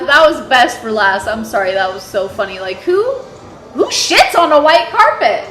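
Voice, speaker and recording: A woman's voice: fairly high pitch, big pitch swings, moderate pace, a bit bright. A young woman telling a crude, laughing storytime to her vlog audience in a casual way. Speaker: vlogger. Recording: echoey room with faint music.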